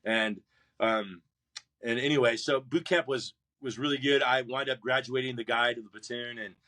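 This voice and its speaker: A man's voice: medium pitch, normal speed. A man telling a long personal story in a podcast interview, acting out the voices of others, often restarting his sentences. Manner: animated storyteller who acts out drill instructors and shouts his own replies; many restarts and repeated words. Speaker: guest, Marine veteran.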